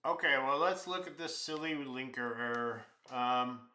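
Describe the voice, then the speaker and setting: Man, live coding walkthrough, slow and bright, thinking aloud, echoey room, keyboard clicks. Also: mid-range voice. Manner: thinks aloud, mutters and jokes at his errors. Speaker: programming instructor.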